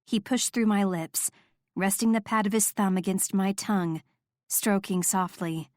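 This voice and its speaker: A woman reading a first-person romance audiobook in a soft, intimate, measured voice. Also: medium pitch, no echo, studio quality. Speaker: audiobook narrator.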